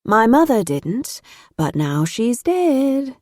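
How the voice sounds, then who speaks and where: A woman's voice: fairly high pitch, very animated, darkish tone, no room sound, clean studio sound, pitched above the performer's own voice, heavily acted. A woman voicing a languid, tipsy young woman. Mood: tipsy sing-song. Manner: slow, deliberate, sleepy.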